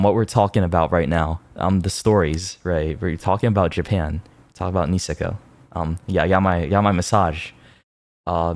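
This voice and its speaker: A young man streams to his viewers in loose, rambling casual chat, full of fillers and self-mocking laughs. His voice sits very low and deep. The sound is dry and close, with no room echo. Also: darkish tone.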